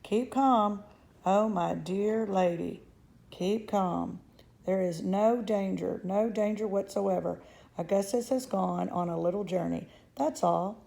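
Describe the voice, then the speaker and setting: Storybook: a woman doing a breezy, unflappable candy maker, mellow and grainy. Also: mid-range voice, slow pace, gravelly. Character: eccentric cheerful male chocolatier, unflappable.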